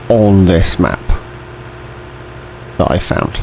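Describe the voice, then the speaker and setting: A man giving casual, rambling commentary over a farming game, often clearing his throat. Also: deep voice, expressive, measured pace, long pauses, a little mellow, a little hiss or hum. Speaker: gameplay commentator.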